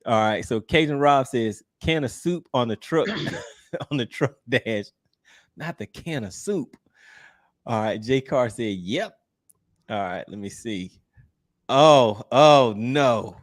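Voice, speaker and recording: Man, livestream host, mid-pitched voice, easygoing, teasing, laughs a lot. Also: lively intonation, unhurried. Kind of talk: casual livestream chat, reading viewer comments aloud.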